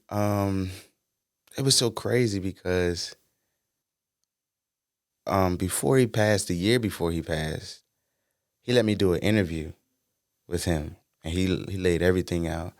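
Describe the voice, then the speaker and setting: A man's voice: deep voice, unhurried, pauses often, dry recording, studio quality. A man, a singer-songwriter guest on a podcast, telling stories casually with slang and easygoing fillers. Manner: relaxed storytelling with slang and fillers.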